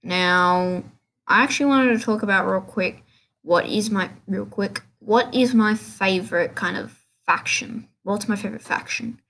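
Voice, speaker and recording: A woman's voice: mid-range voice, unhurried, a bit bright. A woman hosting a casual solo gaming podcast, rambling and restarting her sentences in an offhand way. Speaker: podcast host.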